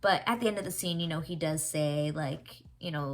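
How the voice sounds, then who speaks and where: A young woman hosting a casual TV reaction vlog, rambling and animated with lots of fillers and casual swearing. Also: low-pitched, normal speed. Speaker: reaction channel host.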